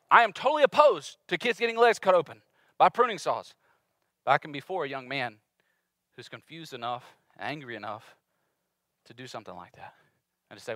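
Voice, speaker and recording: Male pastor, 30s, conversational sermon, slightly high, bright voice, playful asides. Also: dry recording. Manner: animated, conversational preaching with playful acted-out voices.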